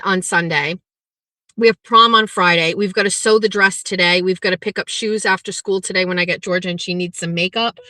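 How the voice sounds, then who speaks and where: A woman's voice: mid-range voice, bright, forceful tone, no room sound. A middle-aged woman hosting a casual livestream, talking bluntly with plenty of swearing as she rants and reads viewer comments. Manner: blunt and profane, ranting then chatty. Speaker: livestream host.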